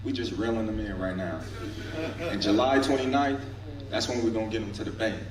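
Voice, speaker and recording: A man's voice: fairly low pitch, fairly quick. Boastful man trash-talking in a noisy hall. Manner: slangy, boastful, playful. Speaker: boxer at a press conference. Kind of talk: trash talk at a press conference. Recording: echoey hall mic, far off, crowd noise.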